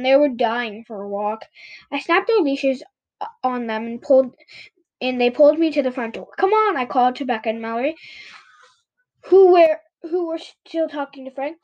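A woman reading a children's chapter book aloud in a high voice. She often stumbles on a word and goes back to correct herself. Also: a little mellow, lo-fi sound. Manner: frequent stumbles and self-corrections. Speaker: reader.

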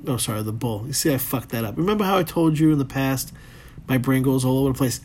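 Male podcast host, casual motivational monologue, meandering and profane, mid-pitched voice. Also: quick pace, a little mellow, breathy edge. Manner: rambling, loose and profane, with many fillers. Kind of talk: motivational solo podcast talk.

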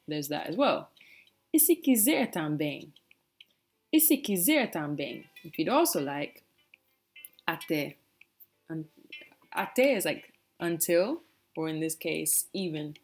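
A woman, a native English speaker, teaching phrases in a casual, playful lesson and repeating words slowly for learners. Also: fairly low pitch. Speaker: language teacher.

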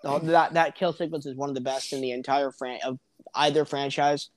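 A man's voice: medium pitch, little pitch movement, fairly quick, no echo. A man co-hosting a podcast in crude casual chat, mocking and profane. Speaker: podcast co-host.

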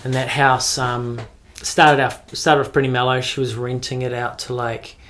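A young man with a New Zealand accent, telling rambling stories in casual chat, full of "like" and quick laughs. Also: mid-range voice, flat delivery, fairly bright tone, slight background noise. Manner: rambling storytelling with frequent "like" and laughs.

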